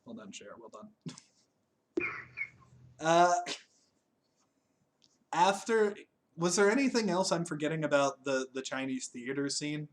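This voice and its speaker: A man's voice: fairly high pitch, a little slow, long pauses. A man co-hosting a casual chat reviewing a TV special, laughing often, swearing and joking at his own expense. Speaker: podcast co-host.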